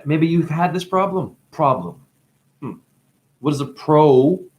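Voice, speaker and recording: A man's voice: a little high, expressive, moderate pace, a little mellow. Rambling, profane spiritual teacher man. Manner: free-associating wordplay, profane, bursts of laughter. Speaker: self-styled spiritual teacher.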